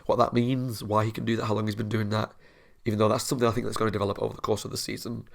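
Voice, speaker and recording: Young male reaction host, low gravelly voice, earnest and rambling, talks to viewers from home. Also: flat delivery, very fast. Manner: earnest, rambling, laughs often. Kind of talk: casual chat to viewers.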